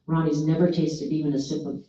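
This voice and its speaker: Dark-voiced woman guest in an echoey room. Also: low-pitched, little pitch movement, brisk. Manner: heartfelt, earnest testimony. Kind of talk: casual faith-based chat. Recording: echoey room, distant dull mic.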